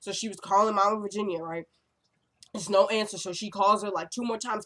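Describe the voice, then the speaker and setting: A woman talking to her own camera, recapping a TV episode in a chatty, excitable way full of asides. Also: mid-range voice, fairly quick.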